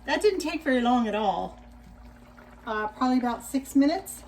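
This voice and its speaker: A woman in her sixties hosting a casual cooking demonstration in her home kitchen, chatting directly to viewers and giving gentle cautions. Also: high-pitched, lively intonation, moderate pace, low-quality recording. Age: 60s. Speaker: cooking show host.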